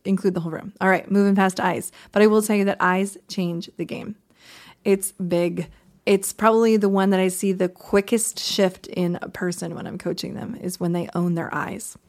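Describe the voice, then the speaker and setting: Female podcast co-host, coach type, lively teaching delivery, mid-pitch. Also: normal speed. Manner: animated, demonstrates voices while teaching. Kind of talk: casual podcast chat.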